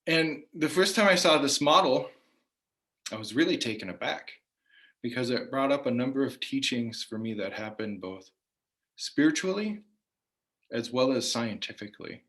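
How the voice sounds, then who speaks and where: A man giving a measured spoken lecture on the meaning of words, often letting phrases trail off softly at the end. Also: mid-range voice, animated. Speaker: language teacher.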